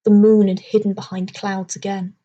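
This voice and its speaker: A woman narrating a children's adventure novel in a steady, measured reading voice. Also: medium pitch, highs cut off. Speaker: audiobook reader. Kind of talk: storybook narration.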